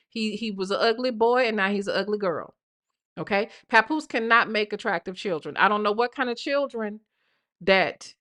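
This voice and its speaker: Woman, live stream host, bright forceful tone, profane casual gossip delivery. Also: medium pitch. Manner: blunt, profane, repeats "okay?". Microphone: live stream mic.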